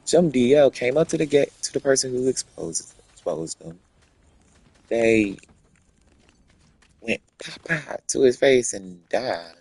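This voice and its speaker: A man's voice: medium pitch, lively intonation, slow, long pauses, a little mellow, husky, no echo, rough recording. A man telling a rambling, profane story in a casual rant.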